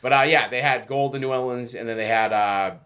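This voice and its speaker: A man's voice: medium pitch, fairly quick, a crowd in the background. A man from New England rambling in casual, profane banter with friends, laughing and poking fun at himself. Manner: rambling, profane, laughs often, self-mocking.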